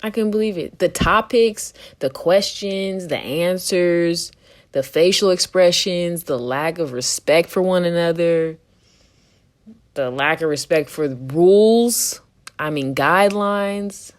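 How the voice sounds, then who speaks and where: Speaking slowly in a lowish voice, this woman co-hosts a podcast of casual opinion chat. She's candid and swears a lot, often exasperated and frequently laughing.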